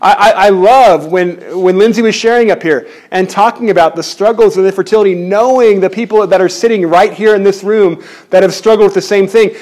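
Man, high voice, pastor, church sermon, animated, humorous asides, repeated restarts. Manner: animated, jokey, many quick restarts.

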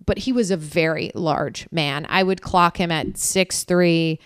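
Smooth-voiced woman chatting animatedly. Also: lowish voice, measured pace. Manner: animated storytelling, laughs often. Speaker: guest content creator. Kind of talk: casual podcast chat.

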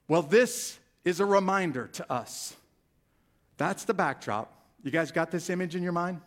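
Male pastor, animated sermon delivery, slightly raised pitch. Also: normal speed. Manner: animated preaching, swelling louder on key phrases.

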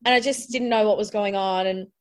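A woman's voice: mid-range voice, fairly even intonation, a little fast. An Australian woman sharing a personal story in casual conversation, chatty and full of "like" fillers. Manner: chatty, lots of "like" fillers, laughs while telling. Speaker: podcast guest.

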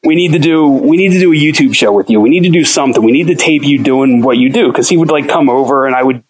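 A man's voice: fairly high pitch, fast, breathy edge, muffled recording. A young man casually telling a long story as an interview guest, swearing freely and acting out quoted talk. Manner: profane, rambling, animated quoting. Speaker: interview guest, home cook.

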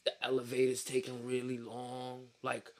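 A man's voice: medium pitch, monotone, normal speed. A young man, chatting casually on a podcast and telling profane street-slang stories with energy. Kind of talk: casual chat.

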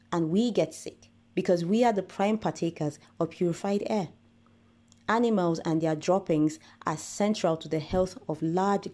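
Low mellow woman doing an earnest podcast monologue, slow and deliberate. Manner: earnest, deliberate, rhetorical lists. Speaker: podcast host.

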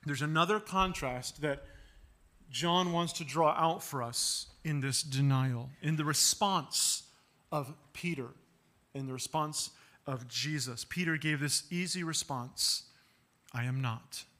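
A pastor preaches slowly in a fairly high voice that is bright and forceful. He earnestly asks rhetorical questions, acts out quoted dialogue, and repeats words as he develops his points.

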